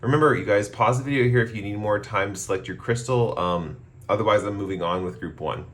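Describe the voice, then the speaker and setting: A man with a hoarse voice after a cough, giving a relaxed, rambling tarot reading with many pauses and ums. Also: lowish voice. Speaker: tarot reader. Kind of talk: casual pick-a-card tarot reading.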